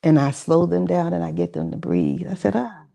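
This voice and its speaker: A woman's voice: lowish voice, fairly even intonation, a little fast, creaky, mellow. A woman giving a conversational, encouraging mental health talk at a church session, with casual asides to the audience. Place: church gathering with audience responses.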